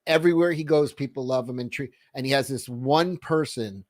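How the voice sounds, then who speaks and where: A man's voice: mid-range voice, brisk, no echo. A man hosting a casual livestream chat, swearing a lot and laughing as he talks. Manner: profane, animated, laughing often. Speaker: podcast host.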